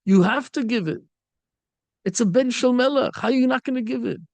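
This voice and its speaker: A rabbi teaching a Torah lesson, his voice high and gravelly with a rough, fried edge. He tells parables with feeling and slips into the voices of the figures he quotes. The sound is dry and close, with no room echo. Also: brisk. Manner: animated storytelling, acts out quoted speakers. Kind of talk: Torah lecture.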